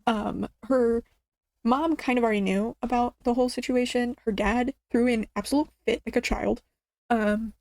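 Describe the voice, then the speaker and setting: A woman with a fairly high voice rants excitedly as she recaps a drama, rambling and restarting her sentences. The sound is dry and close, with no room around her. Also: normal speed, no room sound. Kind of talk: casual ranting recap. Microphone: studio mic.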